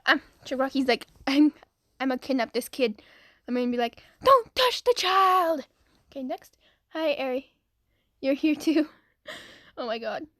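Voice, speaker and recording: A high-pitched woman chatting casually through comments on her own channel, giggling and breaking into laughter as she reacts. The recording is dry and close, with no room sound. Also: normal speed, pauses often, no echo. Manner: giggly, excitable, laughs often between reading comments. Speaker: video creator reading comments.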